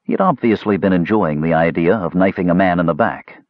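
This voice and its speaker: A man reading a fantasy audiobook in scripted, measured and dramatic narration. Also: low-pitched, no room sound, phone-quality sound.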